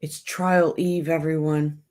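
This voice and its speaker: A woman's voice: low voice, level tone, takes it slowly, mellow. A woman hosting a casual livestream, rambling in a friendly way and talking straight to her viewers. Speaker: livestream host.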